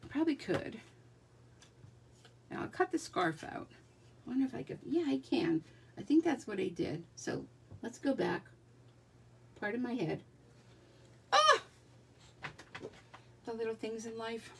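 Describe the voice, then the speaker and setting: A woman's voice: fairly high pitch, very animated, a little slow, gravelly, pauses often, a little hiss or hum. A woman chatting her way through a live card-making demonstration, talking to herself as she works. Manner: chatty, talks to herself while working.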